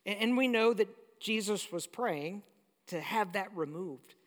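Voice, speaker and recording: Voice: medium pitch, animated, a little slow, fairly bright tone. A pastor preaching a sermon in a conversational, storytelling way. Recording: long hall reverb.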